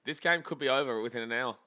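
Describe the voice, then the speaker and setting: Bright, chatty man streaming. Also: medium pitch, fairly quick, highs cut off. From Australia. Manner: chatty, rambling, jokey. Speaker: sports streamer. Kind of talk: live game reaction commentary.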